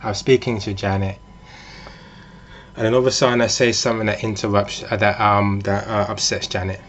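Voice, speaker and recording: A man's voice: fairly low pitch, level tone, brisk, a bit bright, slight background noise. Man talking through hypotheticals. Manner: conversational, with frequent fillers and restarts. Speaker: vlogger. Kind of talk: casual monologue with hypothetical scenarios.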